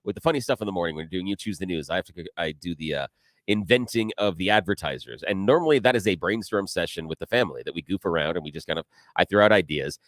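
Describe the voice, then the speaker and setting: A middle-aged man, a radio co-host with teenage kids, telling a quick, laughing story. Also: deep voice, dry recording. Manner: quick, animated, laughing banter. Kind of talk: casual radio chat. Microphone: studio microphone.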